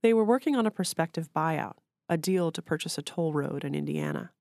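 Woman author reading her own fiction: measured, even delivery, low gravelly voice. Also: no room sound, studio quality. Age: adult.

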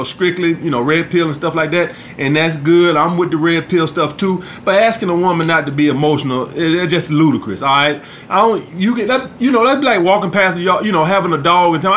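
Casting: high-voiced man, podcast host, swearing, casual lecturing tone, faint room hum. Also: a bit bright. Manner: profane, repeats "all right?". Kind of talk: casual monologue.

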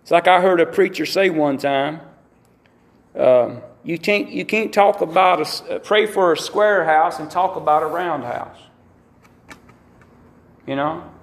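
A man's voice: on the high side, measured pace, pauses often. A middle-aged man preaching a sermon as pastor, telling folksy stories and acting out quotes. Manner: folksy, animated storytelling with acted-out quotes. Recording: echoey room.

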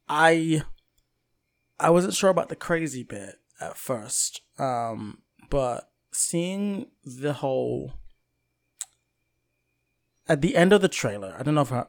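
A young man with a mid-range voice co-hosting a relaxed podcast. He talks through his opinions in a measured way, pausing often with ums and uhs. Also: mid-range voice. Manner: measured, hesitant, lots of fillers. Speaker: podcast co-host. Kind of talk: casual film chat.

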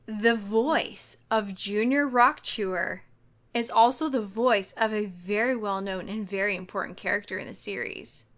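A woman hosting a casual podcast, playful and quick to laugh as she leads the discussion. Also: mid-range voice, fairly bright tone. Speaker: podcast host. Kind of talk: casual review chat.

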